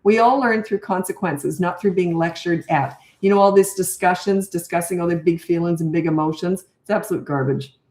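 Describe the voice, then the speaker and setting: A woman's voice: lowish voice, brisk, few pauses, roomy sound. An older woman, a parenting coach, answering viewer questions live in a blunt, firm manner, acting out what to say to a child. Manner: blunt, firm, demonstrates calm tone.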